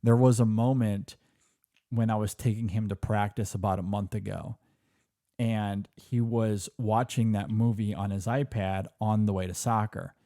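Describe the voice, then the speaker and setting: A man's voice: fairly low pitch, steady tone, normal speed, warm tone, dry recording, studio quality. A man co-hosting a film podcast in casual chat, rambling and enthusiastic, restarting his sentences often.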